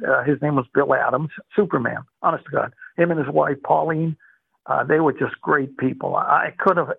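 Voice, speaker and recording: A man's voice: fairly high pitch, creaky, husky, no room sound. An older man from Boston, retired, telling his life story in an interview with lots of fillers and restarts. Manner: rambling, warm storytelling with many fillers. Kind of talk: oral history interview. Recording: tinny phone-like dry sound.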